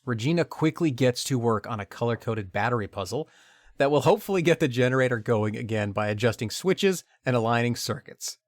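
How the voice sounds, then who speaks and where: A man's voice: medium pitch, animated, brisk, no echo. Man, podcast host, dramatic narration, jokey asides, dry close sound. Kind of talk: comedic retelling of a video game story.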